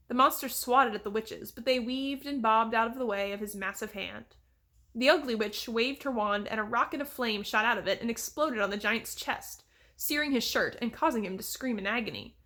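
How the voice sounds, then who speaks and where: A woman reading a children's fantasy novel aloud in a steady, even storytelling manner. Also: on the high side. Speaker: reader. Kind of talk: audiobook reading.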